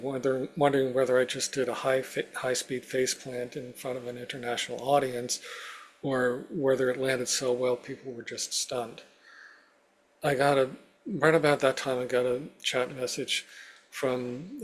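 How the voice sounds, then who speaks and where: Male interview guest, mid-pitched, recounts his story in vivid steps, lots of "you know". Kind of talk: personal storytelling in a conversation.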